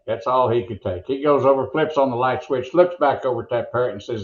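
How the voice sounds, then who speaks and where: An older man tells rambling, folksy stories with plenty of restarts. His voice sits at an ordinary pitch and arrives through a roomy, echoey space. The sound is dull and muffled, as on a remote call. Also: brisk, hardly any pauses. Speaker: veteran monster truck announcer, guest. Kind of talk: casual interview storytelling.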